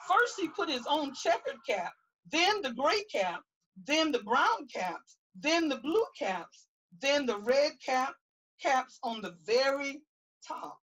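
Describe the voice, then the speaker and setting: Animated high-voiced woman reading aloud. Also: takes it slowly, rough recording. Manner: animated, asks children questions. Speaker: pastor reading to young children. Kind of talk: children's read-aloud. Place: outdoors.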